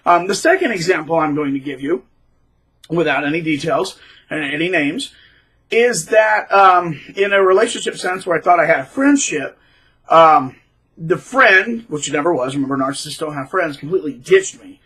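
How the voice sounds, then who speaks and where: A man's voice: fairly high pitch, expressive, moderate pace, a bit bright, breathy edge, low-quality recording. A man hosting his own channel, talking in a rambling casual monologue with many fillers and repeated words. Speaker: channel host.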